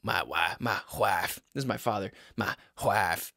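A man's voice: lowish voice, unhurried, creaky, sharp tone, no room sound, clean studio sound, pitched below the performer's own voice, heavily acted. A man voicing a stern old-fashioned father who scolds bluntly with folksy rural phrasing.

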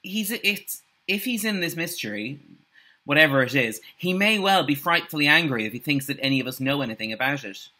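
A nervous, hesitant schoolboy who frets about the mystery, pitched up high and sounding bright as a teacher puts him on for a storybook. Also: male voice, animated, fairly quick, heavily acted. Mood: anxious. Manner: worried and hesitant. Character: anxious, high-voiced schoolboy Colin. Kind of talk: read-aloud storybook.

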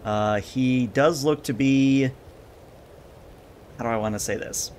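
Relaxed male game master, filler-heavy delivery, faint low rumble. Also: takes it slowly. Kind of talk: narrating a tabletop game.

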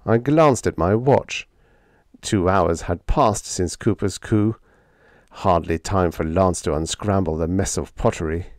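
A man reading a humorous story aloud, with a lively, playful first-person telling. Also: low-pitched, unhurried, no room sound, studio quality. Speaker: audiobook narrator.

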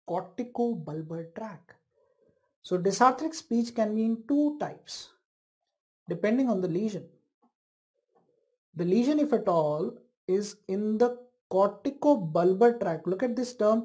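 Low, mellow-voiced Indian woman lecturing. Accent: Indian English. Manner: quizzes students, mimics patients' speech. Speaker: medical lecturer. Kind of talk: online interactive class lecture.

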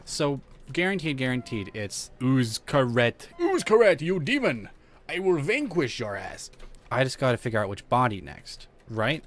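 Animated male streamer cursing at a horror game. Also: medium pitch, vocal fry, a little hiss or hum. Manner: talks to himself, swears and yells at the game. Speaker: gaming streamer. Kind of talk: let's play commentary.

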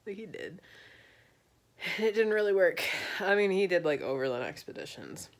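A woman's voice: medium pitch, sing-song, moderate pace. A tipsy woman telling a history story in a rambling, slangy, loose way. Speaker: vlogger.

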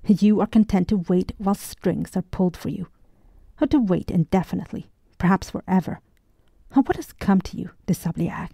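A woman voicing a calm, diplomatic young lieutenant. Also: fairly low pitch, normal speed, vocal fry, slightly rough, dry recording. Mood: reproachful. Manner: soothing and reasonable.

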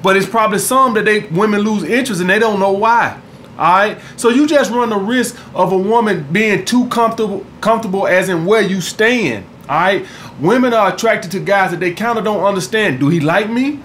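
Brief: fairly high-pitched man, coach ranting to camera, crude and blunt, soft hum in the background. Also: brisk. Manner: blunt and profane, keeps asking "all right?". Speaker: dating coach. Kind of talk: casual vlog monologue.

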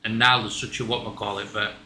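A man's voice: fairly low pitch, flat delivery, fast talker, bright, forceful tone. A man chatting casually at home, blunt, stumbling over his words and swearing. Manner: blunt, stammering restarts, swears. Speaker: co-host. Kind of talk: casual chat. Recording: echoey room, faint ambient noise.

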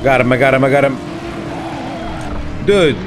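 A man streaming a retro driving game, excitably talking to the game and getting frustrated as he plays. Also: medium pitch, moderate pace. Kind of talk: live gameplay commentary. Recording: noisy with game car sounds.

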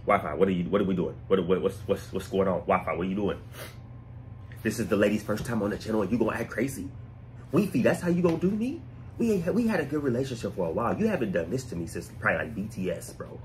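A fairly low-voiced man hosts a casual music reaction, joking and talking straight to his viewers. His voice swings widely up and down as he riffs. A steady noise hiss sits under the recording. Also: fast talker, rough recording. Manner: playful, jokey, talks straight to the viewer. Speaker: reaction channel host.

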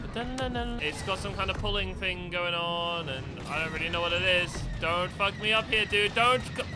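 A high-pitched man talks over his gameplay in a loose, excitable way, swearing and shouting at the game. His voice jumps all over the place, and game music plays underneath him. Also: moderate pace. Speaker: gaming video host. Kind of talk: casual gameplay commentary.

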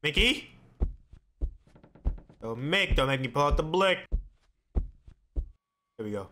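A man's voice: a little high, expressive, slow pace, bright, forceful tone, slight background noise. A young man commentating a horror game let's play, talking to the game characters and yelping and swearing when he gets startled. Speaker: gaming YouTuber. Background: game music.

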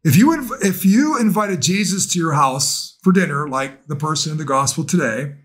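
Earnest priest giving a sermon. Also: male voice, on the high side, animated, normal speed, a bit bright, breathy edge. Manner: conversational and earnest, with rhetorical questions. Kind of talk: sermon to camera.

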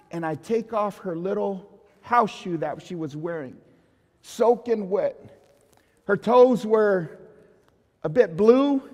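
High-voiced pastor preaching in a reverberant church. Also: male voice. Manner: storytelling, rhetorical questions to congregation. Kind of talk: sermon with storytelling.

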